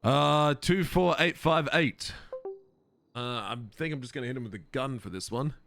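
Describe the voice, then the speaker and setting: A man's voice: medium pitch, normal speed, creaky, fairly bright tone. A man streaming a police role-play, talking casually, swearing freely and laughing often. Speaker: streamer playing a police officer.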